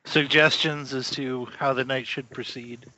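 Bright-voiced male game master. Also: medium pitch, a little slow, dull audio. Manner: relaxed, descriptive, many fillers. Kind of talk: narrating a tabletop game.

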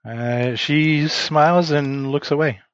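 A man's voice: a little high, fairly even intonation, takes it slowly, clear, resonant tone, no room sound, dull audio. A man narrating as game master of a tabletop game, hesitant and full of fillers.

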